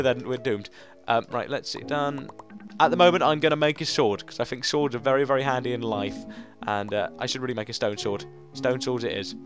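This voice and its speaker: Chatty man narrating his gameplay. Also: medium pitch. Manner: chatty, talks to himself, jokingly dramatic. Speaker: Let's Play gamer. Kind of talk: gaming commentary.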